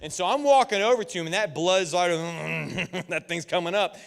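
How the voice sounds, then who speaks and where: Man preaching, animated storyteller, somewhat high voice, long echoing hall. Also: normal speed, vocal fry, smooth. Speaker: youth pastor. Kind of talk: sermon. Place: church youth room. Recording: echoey hall with long reverb.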